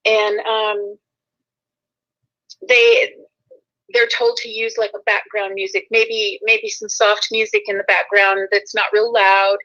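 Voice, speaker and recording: A woman's voice: medium pitch, little pitch movement, slow, bright, forceful tone. A woman hosting a casual talk show, rambling a little and correcting herself as she goes. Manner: rambling, self-correcting, laughs often. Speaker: show host. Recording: muffled lo-fi sound.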